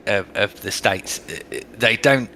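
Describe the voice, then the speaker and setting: Bright-voiced English man, blunt banter. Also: lowish voice, animated, takes it slowly, slight background noise. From England. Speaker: podcast co-host. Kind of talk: casual chat.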